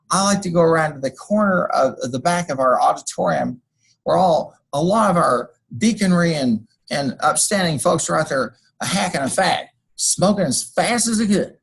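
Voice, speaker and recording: A college instructor gives a screencast lecture, walking through code and wandering into folksy personal stories. His voice sits high, creaky and husky, and the recording quality is low.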